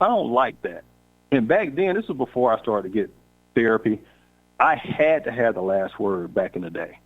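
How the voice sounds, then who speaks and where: Candid male storyteller on a tinny line. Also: mid-range voice. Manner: animated, candid storyteller acting out dialogue. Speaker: podcast host. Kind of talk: casual storytelling.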